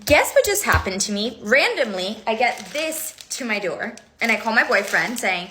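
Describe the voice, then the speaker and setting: A woman telling a personal story to camera in a lively way, acting out both sides of a phone call. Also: a little high, normal speed, few pauses, slight background noise. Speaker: social media creator.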